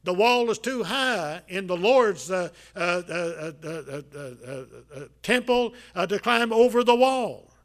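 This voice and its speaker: An older pastor delivers a folksy sermon in a high voice for a man. He stumbles through strings of "uh"s, then punches key lines loudly before dropping to quiet asides. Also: expressive, unhurried, few pauses. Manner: folksy, repetitive, many filler "uh"s, swings between loud emphasis and quiet asides.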